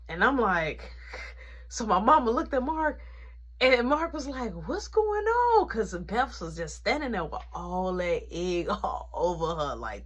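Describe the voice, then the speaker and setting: A woman telling a storytime vlog in a lively, slangy way. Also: mid-range voice, slightly rough. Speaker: vlogger.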